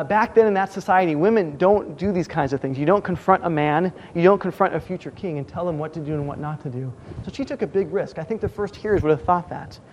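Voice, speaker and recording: Guy with a high voice preaching, chatty, acts out quotes, bit of hiss. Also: poor audio. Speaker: pastor. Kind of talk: sermon.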